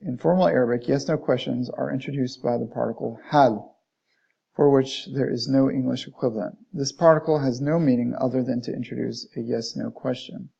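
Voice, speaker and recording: A man teaches an Arabic lesson, reading passages aloud from a textbook, restating them in plain words and modeling Arabic phrases. His mid-range voice is steady, fairly quick, mellow and breathy-edged with vocal fry, on a dull lo-fi recording.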